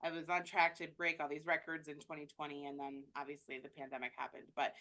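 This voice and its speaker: A woman's voice: low voice, level tone, quick pace, sharp tone. A woman travel agent answering interview questions in a chatty way, with many fillers and restarts.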